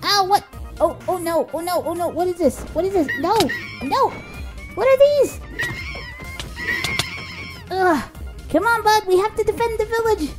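A woman giving excitable let's-play commentary, gasping and cooing at her pet as she narrates her play. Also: very high voice, normal speed, music in the background. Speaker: game video creator.

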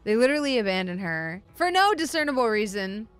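A woman's voice: a little high, big pitch swings, fairly quick, clean tone. A woman hosting a stream, ranting in casual commentary, sarcastic and profane, full of "like" and "you know," with faint music behind her. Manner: rambling, profane, sarcastic, lots of "like". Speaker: streamer host.

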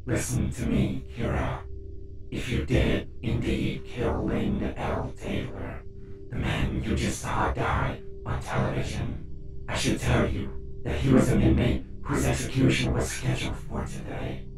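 A man voicing a calculating young detective through a voice modifier, flat and measured. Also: very echoey, distant mic, over music, low-quality recording. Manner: surprised at first, then low monotone address.

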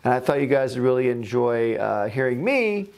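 A man's voice: medium pitch, very animated, normal speed, creaky, a little mellow. A man with an upbeat, chatty manner, casually introducing a children's storybook reading from home. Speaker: host reading children's books.

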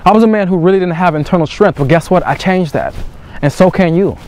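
Young male coach, fairly high voice, earnest and repetitive, casual swearing. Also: fast talker, a little mellow. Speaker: dating coach. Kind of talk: motivational monologue.

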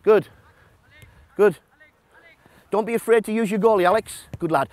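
A man coaching a football session. He shouts instructions to players and explains the system to watching coaches in a blunt, joking way. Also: moderate pace, pauses often, no echo. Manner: shouting instructions to players on a pitch, then explaining quietly to an audience. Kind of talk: coaching session with live demonstration. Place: outdoor football pitch.

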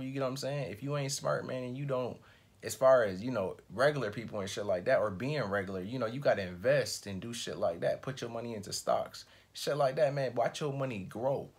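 A man's voice: mid-range voice, husky. A man hosting a reaction video, talking in a rambling, emphatic way with lots of slang. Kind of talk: casual reaction commentary.

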